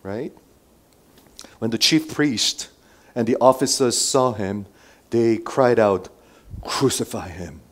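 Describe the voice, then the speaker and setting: A man's voice: medium pitch, slow pace. Man preaching with big swings in volume. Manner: dramatic swings between loud emphasis and quiet asides; asks the listeners many rhetorical questions. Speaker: pastor. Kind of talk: sermon.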